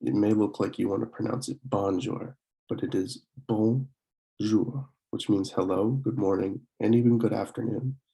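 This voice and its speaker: A young man from Pennsylvania giving a casual recorded online lesson, talking with many fillers and slowing down to demonstrate words. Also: lowish voice, fairly even intonation, vocal fry, dark tone. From Pennsylvania, USA. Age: young adult. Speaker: student French club teacher.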